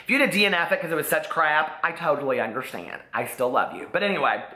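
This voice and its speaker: A man's voice: a little high, animated, quick pace, bright, forceful tone. Chatty man in an echoey room. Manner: rambling, chatty, addresses viewers directly. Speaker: book vlogger. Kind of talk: chatty book talk to camera. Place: room at home among stacked books. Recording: roomy echo.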